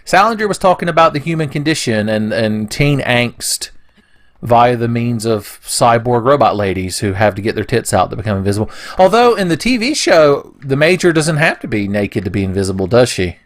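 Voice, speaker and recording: A man's voice: mid-range voice, sing-song, moderate pace. Young male let's-player with a middle voice, rambles and swears through silly tangents. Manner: rambling, profane, goofy rants. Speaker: gaming commentator. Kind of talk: let's play commentary.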